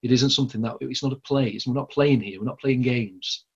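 Preaching with a Lancashire accent, this man rambles conversationally through his sermon, full of fillers and restarts. His mid-range voice moves fairly quickly and has a breathy edge, captured on a lo-fi recording.

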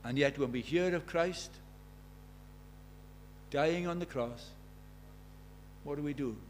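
Man, preacher, sermon in church, slightly high voice, emphatic, rhetorical questions, loud-to-hushed swings. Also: slow pace, a little hiss or hum.

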